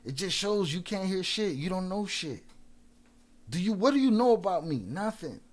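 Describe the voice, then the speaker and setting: A man hosting a live stream in casual chat. He trash-talks trolls with a lot of swearing and gives quick shout-outs full of restarts. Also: high-pitched, big pitch swings. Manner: profane and combative, trash-talking trolls.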